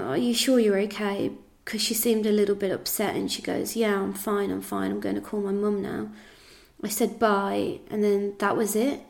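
A woman with an English accent giving a halting spoken account, retelling conversations step by step. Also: medium pitch, creaky. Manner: flat, halting retelling with reported speech. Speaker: interviewee recounting events. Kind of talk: spoken testimony.

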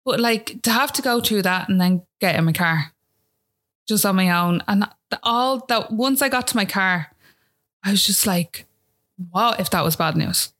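An Irish woman speaks as a guest on a talk show. She tells a personal story in an easygoing, chatty way and keeps checking in with the listener. Her voice sits at a middle pitch for a woman. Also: normal speed, a bit bright. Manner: chatty, fills talk with "like" and "do you know what I mean".

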